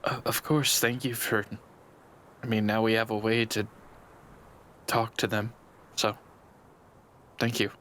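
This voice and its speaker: A man role-playing his character in a tabletop game, speaking in an earnest, halting way. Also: lowish voice, little pitch movement, fairly bright tone, a little hiss or hum. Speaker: player.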